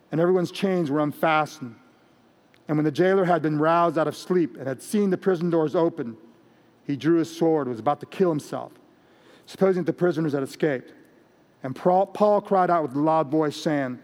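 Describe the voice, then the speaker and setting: Man preaching, kinda high voice, acts out the story, big echoey hall. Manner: animated, acts out characters with rising shouts. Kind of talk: sermon, scripture reading and commentary.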